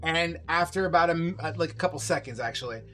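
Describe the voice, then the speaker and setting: A man's voice: fairly high pitch, quick pace, fairly bright tone, soft background music. A man narrating as game master of a tabletop game, loose and laughing between scene descriptions.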